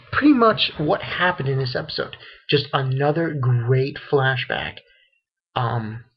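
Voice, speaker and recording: A man's voice: mid-range voice, husky, lo-fi sound. A man giving a casual spoken review of an anime episode, rambling with many restarts and fillers.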